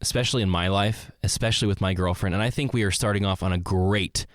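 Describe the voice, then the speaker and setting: A man's voice: low voice, fast, no room sound. Rambling man musing alone, dry close mic. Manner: rambling, self-correcting, acts out both sides of a conversation. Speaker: podcast host. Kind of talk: solo reflective monologue.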